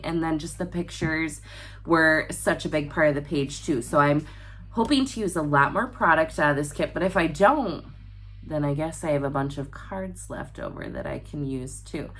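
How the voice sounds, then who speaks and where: A woman with a low voice and a stuffy, allergy-clogged nose walks viewers through a craft project. She keeps it chatty and upbeat, as if talking to friends. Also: moderate pace. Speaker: papercraft tutorial host. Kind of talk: casual crafting tutorial.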